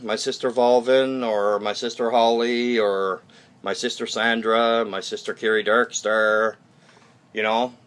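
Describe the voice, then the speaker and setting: A man's voice: mid-range voice, fairly bright tone. A man talking casually to his channel viewers in a blunt, rambling monologue, often restarting sentences and checking in with "okay?", with some mild swearing. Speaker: YouTube channel host.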